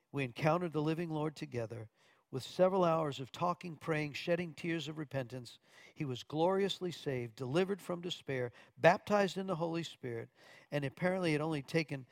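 A man's voice: a little high, creaky, no room sound. A man preaching from Arkansas, earnestly telling a testimony story with quoted dialogue and occasional stumbles.

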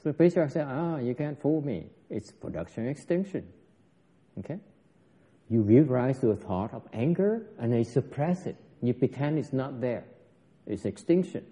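Animated man teaching in an echoing hall. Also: medium pitch, moderate pace. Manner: animated, teasing, acts out dialogue. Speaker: Buddhist teacher. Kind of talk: dharma lecture with students. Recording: dull lo-fi recording in a reverberant hall.

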